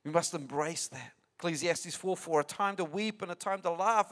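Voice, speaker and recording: A pastor preaching a sermon in a conversational, emphatic way, often repeating words and adding asides. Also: male voice, a little high, moderate pace, fairly bright tone.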